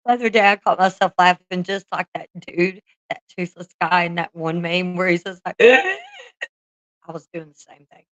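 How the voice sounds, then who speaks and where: A woman's voice: fairly low pitch, fairly even intonation, fairly quick, hardly any pauses, fairly bright tone, dry recording, muffled recording. A woman chatting casually on a livestream, laughing often and swearing freely as she talks to her viewers.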